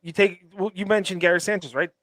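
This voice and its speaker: A man's voice: sits high, fairly even intonation, fast talker, fairly bright tone, no echo. A man co-hosting a sports podcast, arguing his points emphatically with frequent restarts. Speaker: podcast co-host. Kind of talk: casual sports chat.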